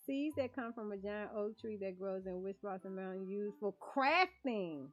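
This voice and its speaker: During a casual cozy game stream, a woman talks to viewers at normal speed with hardly any pauses, laughing often in an expressive mid-range voice. Faint music sits behind her, and the audio is dull lo-fi.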